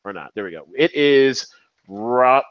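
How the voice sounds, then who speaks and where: Lively, rambling man on a muffled call. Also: mid-range voice, a little slow, no echo. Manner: animated, rambling, profane. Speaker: podcast co-host. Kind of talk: casual movie chat.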